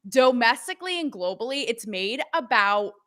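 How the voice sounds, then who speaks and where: Brief: young adult woman co-host, mocking and sassy, bright tone. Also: a little high, lively intonation, moderate pace. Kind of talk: opinionated political chat show.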